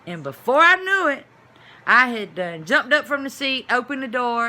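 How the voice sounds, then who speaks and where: A woman vlogger telling a personal story to camera, chatty and animated, dropping to hushed asides and rising to loud exclamations. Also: a little high, normal speed, a little hiss or hum. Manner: chatty, addresses viewers as y'all.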